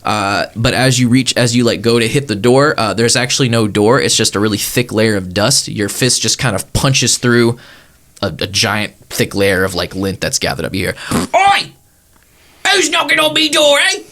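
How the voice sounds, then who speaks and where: A man's voice: lowish voice, moderate pace, a bit bright. A man narrating as game master of a tabletop game, laid-back and full of fillers.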